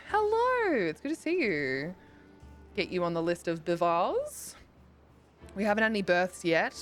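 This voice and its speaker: A young woman streaming a game live, chatting with viewers and thinking aloud, swearing casually and breaking into squeals. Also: low-pitched. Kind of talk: casual live-stream chat while playing.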